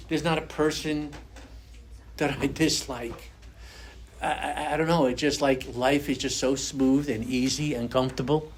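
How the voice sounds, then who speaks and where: An older man tells his story to a room of listeners in an earnest, conversational way. His voice sits at a middle pitch, and a faint background hiss runs under it. He shares his testimony plainly, from the heart. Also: unhurried. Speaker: recovery meeting speaker. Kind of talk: personal testimony to a fellowship audience. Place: meeting room with an audience.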